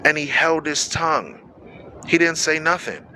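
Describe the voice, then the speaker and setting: A male radio preacher reads scripture, then breaks it down in loose, everyday slang, acting out the people in the story. His voice sits a little high and comes across bright and forceful. A faint hiss runs under the recording. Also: lively intonation, moderate pace. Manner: conversational, acts out quoted voices, slangy asides to listeners. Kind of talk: sermon with scripture reading.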